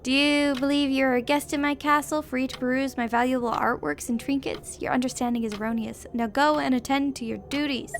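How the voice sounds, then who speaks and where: A woman's voice: high voice, fairly even intonation, fairly quick, few pauses, slight background noise. A woman voicing a pompous, smug aristocratic man who lectures a new employee. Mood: haughty. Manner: grandiose, pompous.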